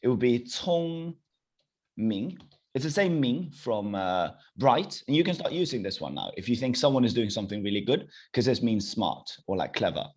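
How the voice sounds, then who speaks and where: Lively husky-voiced man teaching online. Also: lowish voice. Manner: lively, encouraging, repeats phrases slowly. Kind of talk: live online language class. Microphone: video call.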